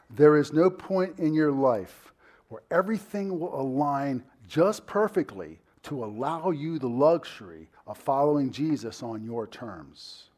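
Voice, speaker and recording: A man's voice: mid-range voice, husky. Conversational male pastor preaching. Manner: conversational preaching with many fillers; rises to loud emphatic bursts. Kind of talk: sermon.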